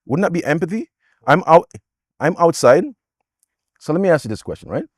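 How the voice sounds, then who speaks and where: A man's voice: a little high, expressive, a little fast, no room sound, studio quality. A man co-hosting a couples podcast in casual chat, cutting in and repeating himself to get a word in. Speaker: podcast co-host.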